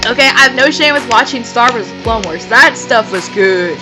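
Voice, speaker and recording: A woman's voice: on the high side, animated, moderate pace, low-quality recording. A woman reading fan fiction aloud for laughs, breaking off to mock it and laughing often. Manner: laughs often, mocking asides. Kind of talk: comedic reading with commentary. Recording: background guitar music.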